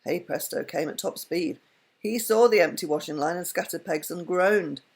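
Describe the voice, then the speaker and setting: A woman reading a children's story aloud with an expressive, lilting delivery. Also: lowish voice, normal speed, gravelly, slightly rough.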